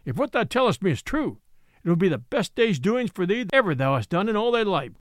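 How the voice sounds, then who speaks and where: A man's voice: high voice, very animated, fairly quick, dry recording, clean studio sound. A man voicing a scheming, gloating sheriff in a storybook reading. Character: scheming gloating male sheriff, middle-aged.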